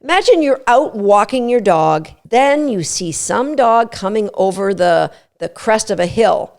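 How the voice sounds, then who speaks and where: A woman giving an energetic podcast lesson on dog training, repeating each step plainly. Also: medium pitch. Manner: energetic, instructive, repeats steps.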